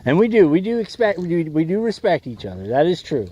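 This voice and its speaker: A man's voice: on the high side, big pitch swings, fast talker, warm tone, highs cut off. A man hosting a fishing livestream from a small boat, talking in a rambling, jokey way and calling his viewers "bro" and "boys". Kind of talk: casual livestream chat while fishing. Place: small boat on a windy lake.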